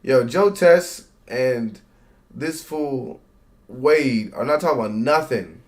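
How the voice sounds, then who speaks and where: A man's voice: mid-range voice, slow pace. Rowdy man reacting to a wrestling show. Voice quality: slangy, profane. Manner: loud, excitable, yells at the screen. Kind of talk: casual live reaction commentary.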